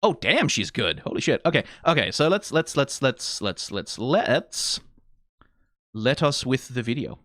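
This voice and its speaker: A man from Denmark hosting a casual reaction video, animated and exclaiming, swearing now and then and laughing. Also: medium pitch, unhurried, dry recording, studio quality.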